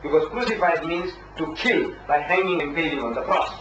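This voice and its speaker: A man's voice: on the high side, fairly quick. A man debating heatedly, emphatic and argumentative. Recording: echoey, distant, dull and noisy old recording.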